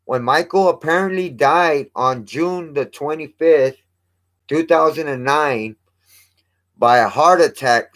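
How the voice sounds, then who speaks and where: A man at an average pitch, talking off the cuff as a vlog host. He rambles, restarts sentences mid-thought and drops casual swear words along the way. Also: fairly bright tone.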